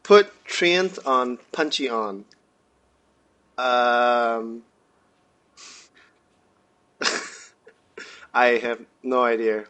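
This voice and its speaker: A man hosting a live stream, chatting casually with halting starts and reading out chat. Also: medium pitch, a bit bright. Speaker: stream host.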